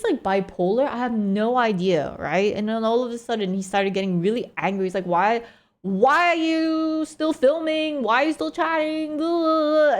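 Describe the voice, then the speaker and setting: A woman streamer telling a story to her chat in a casual, rambling way, full of "like" and "right?". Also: mid-range voice. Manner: rambling, heavy use of "like" and "right?". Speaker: live streamer.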